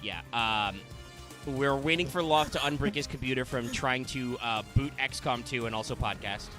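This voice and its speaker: A man's voice: mid-range voice, moderate pace, bright, forceful tone. A man hosting a casual gaming podcast, chatty and teasing his co-hosts with mock insults. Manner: joking, mock-insulting banter. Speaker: podcast host. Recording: music playing behind.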